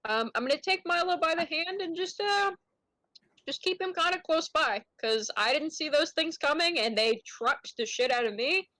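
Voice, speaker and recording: A woman plays a tabletop game over voice chat, hesitant and full of ums. She sounds caring toward the others at the table. Her voice sits fairly high. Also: animated, normal speed, pushed and bright, no echo. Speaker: player.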